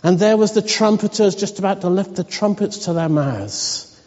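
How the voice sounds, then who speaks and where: A man's voice: high voice, moderate pace, a little mellow. A man giving a sermon in a wry, conversational storytelling manner. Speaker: preacher. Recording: dull recording in a reverberant hall.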